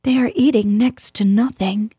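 A woman's voice: a little high, fairly even intonation, normal speed, warm tone, slightly rough, no room sound, clean studio sound. A woman voicing a worried nurse in a storybook reading, speaking anxiously.

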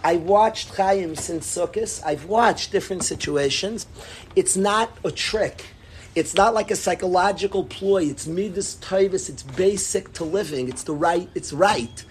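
A man teaching a religious class in an impassioned, emphatic way, repeating his points and swinging between loud and hushed. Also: high-pitched, a little slow, a little hiss or hum. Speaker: Torah teacher.

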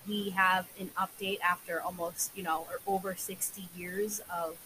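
A woman's voice: lowish voice, level tone, normal speed, noisy background. Young woman recounting crime news casually. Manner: filler-heavy, recounting case details. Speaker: podcast co-host. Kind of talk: casual true crime chat.

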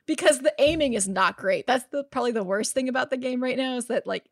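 A woman's voice: sits high, quick pace, dry recording, studio quality. A young woman co-hosting a casual gaming podcast, telling stories animatedly with lots of "like" and laughter. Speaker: podcast co-host.

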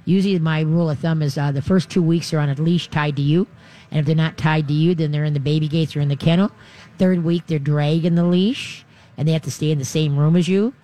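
A man hosting a radio call-in show, giving folksy, animated advice on dog training. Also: a little high, a little fast.

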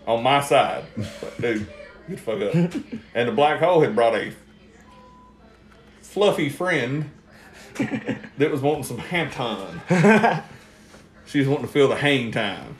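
A man's voice: mid-range voice, expressive, a little slow, long pauses. A man telling rambling, profane stories with lots of laughter on a casual podcast. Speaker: guest storyteller. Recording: roomy echo.

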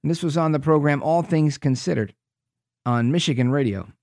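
A man's voice: fairly high pitch, moderate pace, a little mellow, dry recording, clean studio sound. A man hosting a talk radio show, reading news aloud with sarcastic asides.

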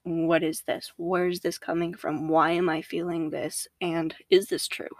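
A young woman, a podcast guest, talking casually about faith, animated, laughing often and acting out her own inner voices. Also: on the low side, unhurried, dry recording.

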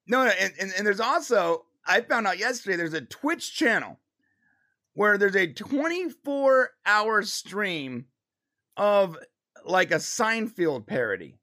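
Guy with a higher voice, animated casual chat, lots of restarts. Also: unhurried. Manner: animated, restarts a lot, laughs. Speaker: co-host of a live pop culture show.

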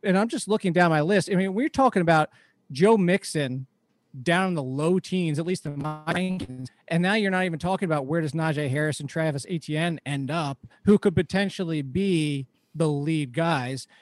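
A man's voice: fairly high pitch, normal speed, dry recording. A man hosting a fantasy football podcast, chatty and rambling in casual talk. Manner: chatty, rambling, laughs easily. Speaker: podcast host.

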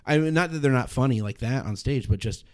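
A man's voice: medium pitch, lively intonation, quick pace. A young adult man, a stand-up comedian, talking casually in a podcast chat, rambling and restarting his sentences, swearing now and then.

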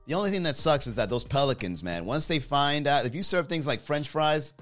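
A man's voice: a little high, expressive, brisk, a bit bright, soft background music. A man hosting a livestream in casual chat, joking and rambling and laughing often. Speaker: livestream host.

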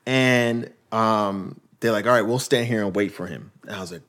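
A man's voice: moderate pace, hardly any pauses. A young man hosts a casual podcast chat, spinning a long story. He acts out each person's lines, his voice leaping up and down as he goes. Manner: animated, acts out quotes with big pitch jumps. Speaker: podcast host.

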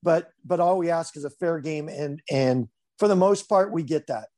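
This man coaches baseball and chats in a voice on the high side, moving at a moderate pace. His stories wander loosely, and he leans on plenty of filler words in an easygoing, conversational way.

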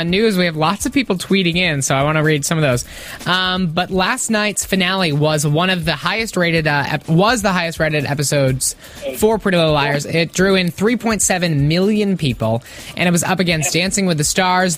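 A woman's voice: on the low side, normal speed. A woman co-hosting a TV after-show, chatting casually and eagerly as she reads out news. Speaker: co-host. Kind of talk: casual talk show chat.

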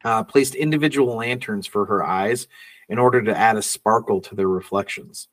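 A man's voice: fairly low pitch, normal speed, a bit bright, far from the mic. A man co-hosting a casual film podcast, reading out trivia notes and laughing often. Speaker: podcast co-host.

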